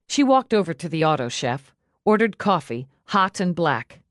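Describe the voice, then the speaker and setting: A woman narrating an audiobook in a steady, scripted storytelling style on a close mic. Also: on the low side, normal speed, no echo.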